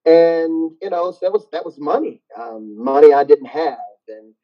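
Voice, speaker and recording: Hombre de mediana edad, voz algo aguda. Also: male voice, on the high side, moderate pace. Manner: animated storyteller who laughs often. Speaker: gym owner and guest. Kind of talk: casual interview chat. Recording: dull lo-fi sound.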